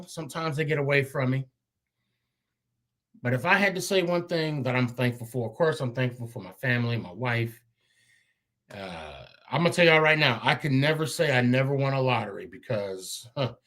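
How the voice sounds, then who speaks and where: Bright-voiced man hosting a podcast. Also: medium pitch. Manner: loose, rambling, thankful shout-outs. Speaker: podcast host. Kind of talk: casual sign-off chat.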